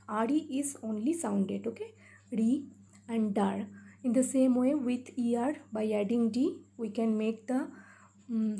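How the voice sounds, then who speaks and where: A woman's voice: a little high, dark tone. A woman teacher with a South Asian English accent, patiently spelling out words syllable by syllable in a phonics lesson. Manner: slow, patient syllable-by-syllable explaining.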